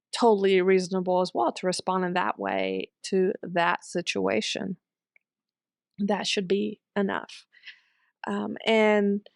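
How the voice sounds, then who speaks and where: A middle-aged woman talks things over in a relaxed, thoughtful way, dropping in ums and quick little laughs. Her voice has a strong gravelly fry. The recording is close and dry, with no room sound. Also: fairly low pitch, dry recording. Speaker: homeschool commentary host. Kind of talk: casual commentary reading and discussing an online post.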